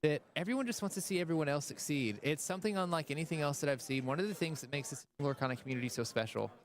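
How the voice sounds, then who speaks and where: A man speaks quickly and warmly about a tournament community on a broadcast. His voice sits a little high for a man. His delivery is smooth and eager. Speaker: event commentator. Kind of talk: broadcast event commentary.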